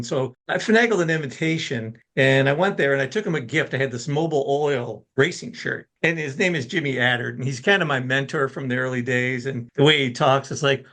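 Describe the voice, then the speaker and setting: Middle-aged man telling lively anecdotes. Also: mid-range voice, brisk, vocal fry. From Detroit area, Michigan. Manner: animated anecdotes with acted quotes and laughs. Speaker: small business owner, interviewee. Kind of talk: conversational interview storytelling.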